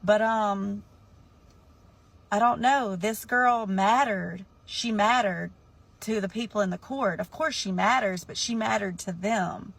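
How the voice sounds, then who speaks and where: A woman's voice: mid-range voice, gravelly, fairly bright tone. A woman telling a personal story in a casual storytime, talking to her listeners directly. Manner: slow, deliberate, addresses listeners as y'all.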